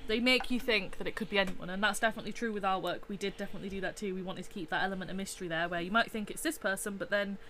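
A woman's voice: medium pitch, steady tone, very fast, hardly any pauses, sharp tone. Agreeable woman chatting, faint hiss behind. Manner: agreeable, backchannels often, rephrases her points. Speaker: artist. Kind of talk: casual chat.

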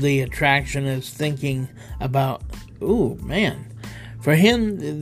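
A man hosting a casual solo podcast, reading odd news stories in a loose, rambling way and stumbling over words. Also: mid-range voice. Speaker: podcast host.

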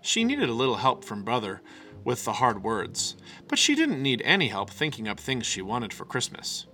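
Animated man reading a children's book. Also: medium pitch, moderate pace, faint music behind. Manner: animated, expressive. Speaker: storyteller.

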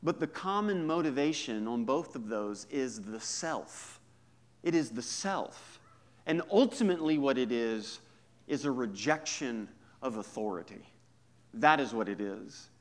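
A man preaching a sermon as a pastor, conversational and humorous, moving between hushed asides and emphatic points. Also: medium pitch, expressive, a little slow.

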